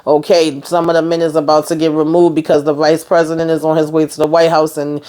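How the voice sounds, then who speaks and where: A woman's voice: deep voice, level tone, fast, warm tone. A woman giving a chatty, casual recap of a TV episode, retelling the scenes by quoting the characters. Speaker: TV show recapper.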